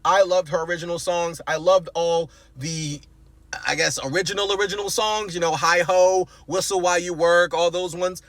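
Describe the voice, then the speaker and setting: A young man ranting in a casual movie review, animated, exasperated and profane, sometimes bursting into shouts. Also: sits high, moderate pace, dry recording.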